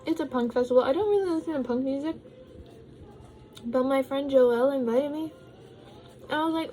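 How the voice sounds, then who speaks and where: A young woman chats loosely to her vlog viewers, wandering from thought to thought with plenty of ums and likes. Her voice sits a bit high but has a soft, mellow tone. At times she talks through a mouthful of food. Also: a little fast, long pauses, a little hiss or hum, poor audio. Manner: rambling, full of ums and likes; talks while eating. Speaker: vlogger. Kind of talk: casual vlog chat.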